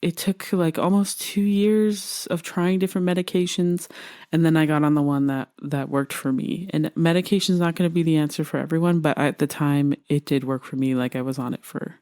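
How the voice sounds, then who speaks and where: A woman's voice: deep voice, fairly even intonation, a little fast, dark tone, dry recording, studio quality. A woman hosting a personal podcast, speaking openly and earnestly with frequent light laughs. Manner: open and earnest, laughs often, many fillers. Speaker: podcast host. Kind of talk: candid personal podcast talk.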